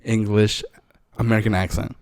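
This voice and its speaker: A man's voice: on the low side, little pitch movement, normal speed, darkish tone, dry recording. A young man co-hosting a podcast, telling stories in a loose, rambling way with lots of fillers. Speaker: podcast co-host. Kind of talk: casual chat.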